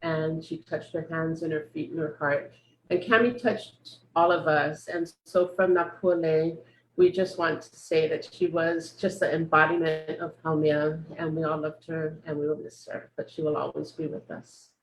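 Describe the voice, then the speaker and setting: Soft-spoken woman telling a story. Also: deep voice, level tone, normal speed, a little hiss or hum. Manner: gentle, growing softer and quieter. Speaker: memorial speaker. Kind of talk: heartfelt storytelling. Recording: roomy echo.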